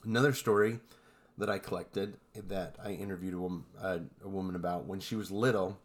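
A man co-hosting a podcast, telling eerie stories in a relaxed, rambling way with lots of fillers. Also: sits low. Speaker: podcast co-host. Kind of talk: casual storytelling chat.

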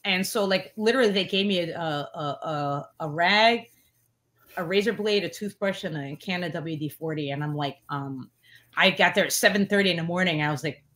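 A woman in her forties, a guest in a casual interview, telling stories with lots of fillers and lively quoted voices. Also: brisk. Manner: animated, many fillers, acts out quotes in a higher voice. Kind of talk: casual storytelling chat.

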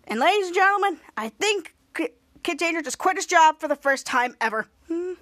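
A woman with an extremely high, a bit bright voice speaks expressively and a little fast. Hosting a podcast, she gives a casual recap of a TV episode, rambling with many restarts and acting out quotes.

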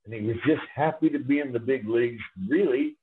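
A man's voice: mid-range voice, fairly quick, slight background noise. A man calling in as a guest on a sports talk show, telling rambling, fond stories about a former player. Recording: tinny phone line.

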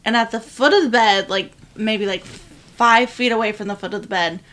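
A woman co-hosting a casual podcast, telling a story in an animated way and swearing freely. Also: on the high side, normal speed. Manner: animated, swears freely, loud when retelling. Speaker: podcast co-host.

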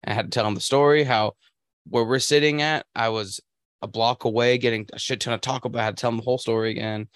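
A man's voice: mid-range voice, fairly even intonation, smooth, no room sound. A young man sits at a podcast mic in a dry room and tells a story in easy casual talk. He often breaks off and restarts his sentences, and he has an ordinary mid-range voice. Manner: storytelling, halting restarts, puts on voices for quotes. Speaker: podcast co-host. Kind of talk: casual chat.

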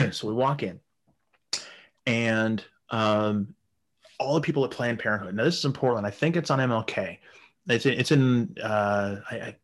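A man's voice: medium pitch, normal speed, fairly bright tone. A man in his thirties telling a rambling, crude story in casual chat, swearing often. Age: 30s. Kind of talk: casual anecdote.

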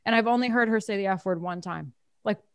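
A woman's voice: mid-range voice, fast talker, clear, resonant tone, no room sound, studio quality. A woman in casual group conversation, talking animatedly, laughing often and acting out what others said.

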